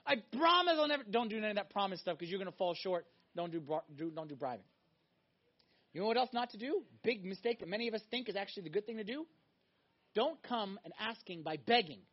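A male preacher with a very high voice delivers an emphatic, animated sermon. He swings from loud exhortation down to hushed, intense passages. The recording is dull and lo-fi. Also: fast.

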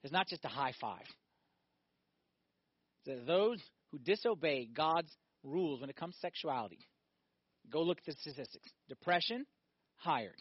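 A male priest giving a sermon, animated, firing off rhetorical questions and acting out little scenes. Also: fairly high pitch, moderate pace, pauses often, husky, no room sound, dull audio.

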